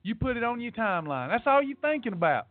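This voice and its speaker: High-voiced man preaching bluntly, tinny audio. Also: sing-song, fast talker, no echo. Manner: blunt, scolding, teasing, repeats himself for emphasis. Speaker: weight loss podcast host. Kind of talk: preachy motivational rant.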